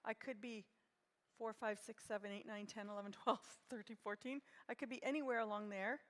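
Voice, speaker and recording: A woman in her sixties telling a personal story at a conference in a gentle, reflective way. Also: medium pitch, steady tone, fairly quick. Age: 60s. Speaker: conference speaker. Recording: long hall reverb.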